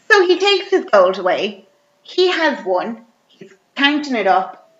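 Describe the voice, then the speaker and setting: A woman chatting casually, retelling a film's plot with animated, sweary humour and acting out the characters. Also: on the high side, takes it slowly. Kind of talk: casual chat. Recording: roomy, slightly dull recording.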